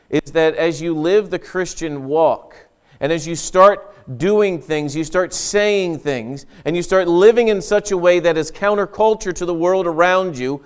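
A man delivers a sermon in an earnest, emphatic way, often restarting his sentences. His voice sits a little high for a man and comes through smooth and clear. He sounds like a pastor speaking to his congregation. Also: darkish tone.

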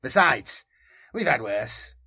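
A man puts on a battle-hungry armored warrior with a gravelly, husky edge to his voice. He speaks in clipped bursts, eager for the kill, bright and forceful in tone, in a slow storybook reading. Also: medium pitch, sing-song, full character voice.

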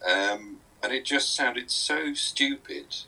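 A man's voice: mid-range voice, slow, pushed and bright, slightly rough, rough recording. A man co-hosting a casual chat about his sketches, joking and laughing often. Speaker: co-host and sketch writer.

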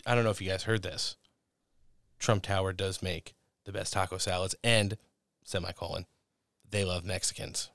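A man's voice: low voice, steady tone, moderate pace, long pauses, a bit bright, no room sound. A man hosting a comedy talk show, introducing clips with sarcastic quips. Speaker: podcast host. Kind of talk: comedic commentary chat.

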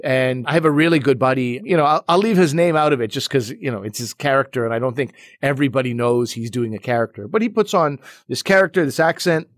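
A man who teaches comedy explains his thinking in an easygoing podcast chat. He sounds relaxed and reflective and peppers his talk with "you know." His voice is recorded close and dry, with no room sound. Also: medium pitch, fast talker, few pauses, no room sound. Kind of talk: casual podcast conversation.

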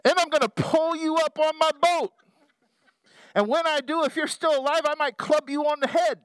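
A man voicing a gleeful fisherman who shouts mock-menacing threats down at the fish, loud and taunting. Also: extremely high pitch, normal speed, dry recording, pitched above the performer's own voice.

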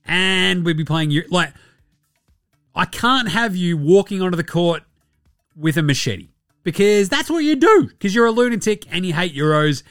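A man's voice: high-pitched, expressive, moderate pace, a bit bright, soft background music, voice pushed up. A man voicing an exasperated male coach who pleads with mock patience. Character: exasperated male coach reining in a hothead player.

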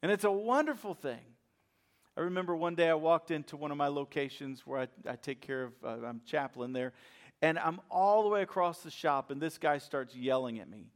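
A man preaching a sermon in a lively, conversational way, acting out little asides as he goes. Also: on the high side, moderate pace. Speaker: chaplain and preacher.

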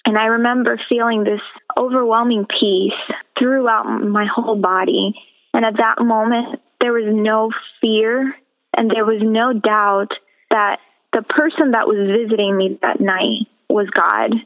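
A woman from the Caribbean tells her life story as a radio interview guest, earnest and measured. Her voice carries a gravelly fry and stays flat in pitch. It comes through a thin, tinny phone line. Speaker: guest sharing her testimony. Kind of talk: personal testimony in a radio interview.

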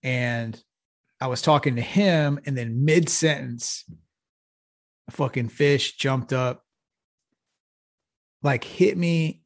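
A man's voice: mid-range voice, takes it slowly, long pauses, dry recording, clean studio sound. A middle-aged man from Texas, a podcast co-host telling a rambling, profane story in a casual chat. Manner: profane, laid-back storytelling with frequent laughs.

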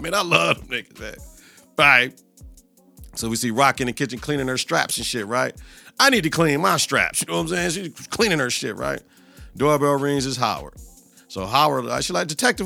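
A man's voice: mid-range voice, vocal fry, bright, forceful tone, no echo. A man hosting a podcast, recapping a TV episode in a casual, profane, slang-heavy way. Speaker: podcast host.

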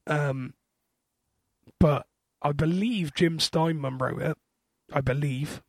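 A man with a husky voice, co-hosting a podcast in a hesitant, wry, rambling chat. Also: on the high side, slow pace, dry recording, studio quality. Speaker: podcast co-host. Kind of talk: casual chat.

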